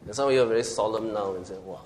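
A man's voice: fairly low pitch, very fast, a little mellow. A man preaching a sermon who reads scripture aloud and drives his points home by repeating them with emphasis. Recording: reverberant hall.

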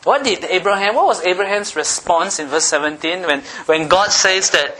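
A man's voice: sits high, animated, moderate pace, few pauses, sharp tone, a little hiss or hum. A male pastor giving a sermon in a playful, teasing way, often checking in with his listeners.

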